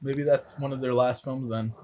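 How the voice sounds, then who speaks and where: A man's voice: mid-range voice, steady tone, moderate pace, dark tone, slight background noise. Hesitant man chatting on a podcast. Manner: hesitant, lots of fillers and restarts. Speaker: podcast co-host. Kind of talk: casual chat.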